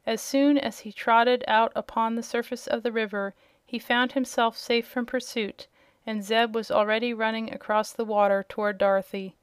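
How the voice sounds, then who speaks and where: A woman narrating a children's storybook with steady, measured reading. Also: on the high side, smooth, no echo. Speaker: audiobook narrator.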